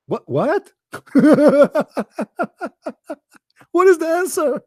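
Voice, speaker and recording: A man's voice: on the high side, animated, moderate pace, a little mellow, dry recording. A man giving a scornful, emphatic commentary monologue in non-native English phrasing, repeating phrases and laughing often. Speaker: online religious debater.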